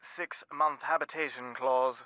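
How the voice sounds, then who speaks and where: A formal, well-spoken lord of a manor, measured and faintly exasperated. His voice sounds bright and dry in a game. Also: medium pitch, steady tone, dry recording, low-quality recording.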